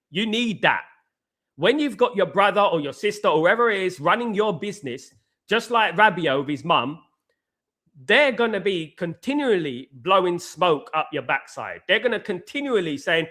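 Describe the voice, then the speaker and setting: A man's voice: high voice, very animated, moderate pace, pushed and bright. A man hosting a casual live football talk stream, ranting emphatically and repeating his points. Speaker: host.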